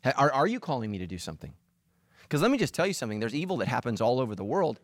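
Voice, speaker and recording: Male pastor, middle-aged, comic sermon, lively up-and-down voice, dry close sound. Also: mid-range voice, very fast, dry recording. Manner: animated, acts out voices and quotes. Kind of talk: humorous sermon.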